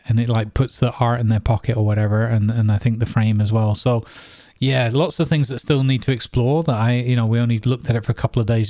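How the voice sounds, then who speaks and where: A man with a mellow, medium-pitched voice co-hosts a casual gaming podcast, rambling along with plenty of fillers and restarts. The studio-quality recording has no echo.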